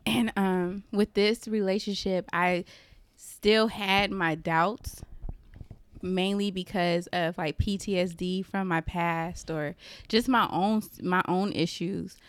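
A woman's voice: lowish voice, fairly even intonation, smooth. A woman co-hosting a casual podcast, speaking candidly and hesitantly about trust. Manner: candid and emotional, slow and hesitant when opening up. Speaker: podcast co-host.

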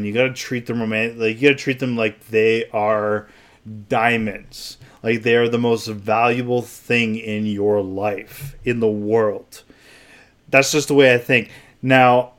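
A young man hosting his own podcast, talking casually and confessionally, rambling with sudden animated bursts. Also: mid-range voice. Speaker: podcast host. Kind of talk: casual solo podcast monologue.

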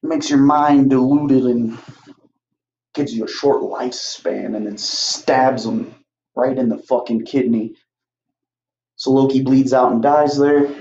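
A man's voice: mid-range voice, steady tone, a little slow, a little mellow. A young man casually retelling a movie plot on his podcast, rambling, swearing freely and acting out the characters' lines. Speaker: podcast host. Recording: muffled, roomy home recording.

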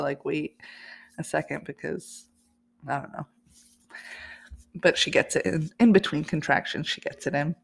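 Woman podcaster just chatting through her story, lowish voice with lots of fry, laughs a bunch. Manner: chatty, laughs often while telling. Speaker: podcast host. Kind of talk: casual personal storytelling.

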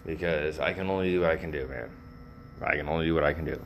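A man's voice: rumbling low, fast talker, a little hiss or hum. An older man talking casually and rambling to his viewers, with lots of fillers and swearing. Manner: rambling, profane, frequent fillers. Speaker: vlogger.

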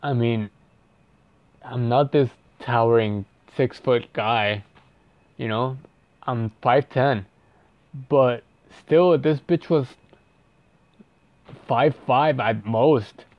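A man's voice: medium pitch, drawn-out words, long pauses, no room sound, dull audio. A young man telling a story casually, rambling and profane, with lots of "like" fillers and restarts.

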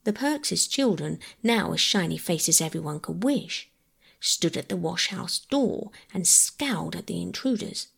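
A woman reading a classic children's novel aloud as a calm bedtime story, gentle and measured. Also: fairly low pitch, vocal fry, husky. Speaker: audiobook reader.

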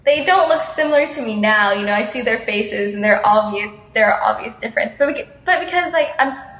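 A woman's voice: a little high, expressive, fairly quick, fairly bright tone, echoey room, poor audio. A young woman from Houston, Texas, chatting casually and frankly with a friend and laughing often. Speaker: friend in conversation. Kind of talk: casual chat.

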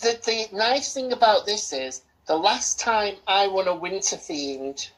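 A woman's voice: medium pitch, lively intonation, measured pace, poor audio. A young woman co-hosting a casual film-review chat, boasting in playful, theatrical banter and swearing freely. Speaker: podcast co-host.

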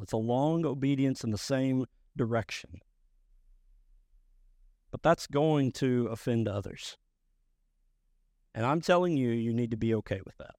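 A man preaching a sermon as pastor, emphatic and rising to loud bursts. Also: medium pitch, dry recording, studio quality.

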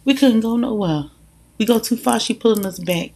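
Gravelly woman talking straight to viewers. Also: fairly high pitch, normal speed. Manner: animated, emphatic, addresses listeners directly. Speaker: mother sharing views. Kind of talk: casual monologue to viewers.

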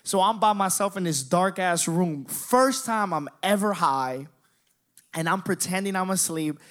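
A man in his twenties doing stand-up, telling a profane, animated story and talking straight to the crowd. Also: high voice, measured pace. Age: 20s. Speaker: stand-up comedian.

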